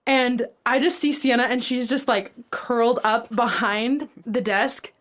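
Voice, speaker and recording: A woman's voice: fairly high pitch, fairly even intonation, measured pace, fairly bright tone. A young woman co-hosting a podcast, telling a rambling story full of "like" fillers in a casual chat. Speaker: podcast co-host.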